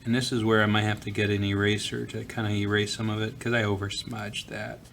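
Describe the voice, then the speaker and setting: A man teaching art, talking casually through a drawing tutorial from a school office, pausing with fillers as he works. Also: lowish voice, creaky, a little hiss or hum. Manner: relaxed, talks while drawing, frequent fillers.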